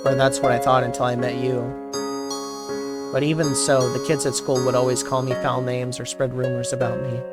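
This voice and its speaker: A man voicing a shy, troubled teenage girl in a read-aloud story, speaking in a quiet, subdued way. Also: mid-range voice, little pitch movement, normal speed, loud music behind the voice, natural voice. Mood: somber.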